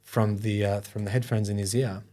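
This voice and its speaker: A man's voice: on the low side, little pitch movement, normal speed, warm tone. A middle-aged man, telling a personal story in an interview. He talks in a loose, conversational way with many fillers and sometimes gets choked up. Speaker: guest, foundation founder.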